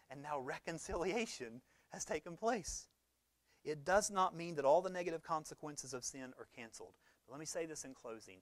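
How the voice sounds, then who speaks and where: A man, preaching a conversational sermon that swings between loud emphasis and quiet low talk. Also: dry recording. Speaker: pastor.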